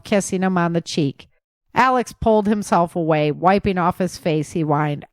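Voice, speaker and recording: A woman reading a novel aloud as narrator, with steady storytelling. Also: fairly low pitch, moderate pace, dry recording. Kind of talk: audiobook narration.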